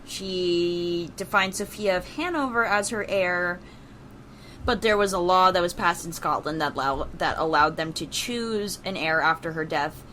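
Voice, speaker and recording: A chatty woman with a lowish voice, co-hosting a casual podcast. She reads out history facts, stopping often for fillers and restarts. Faint noise hums under her voice. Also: unhurried, sharp tone. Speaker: podcast co-host. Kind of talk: casual chat.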